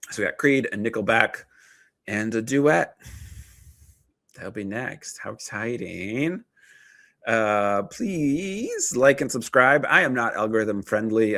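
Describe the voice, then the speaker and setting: A man's voice: fairly low pitch, slow, long pauses, bright, forceful tone, no room sound. A man in his thirties, a therapist hosting his own video, talking casually with many fillers, restarts and wry asides. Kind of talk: casual talking-head commentary.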